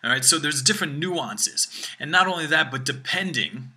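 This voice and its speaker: Man, language teacher, very bright voice, explains at length and keeps checking in with the listener. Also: a little high, expressive, normal speed. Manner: explanatory, frequent "all right?" check-ins. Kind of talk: video language lesson. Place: room with phone ringing behind.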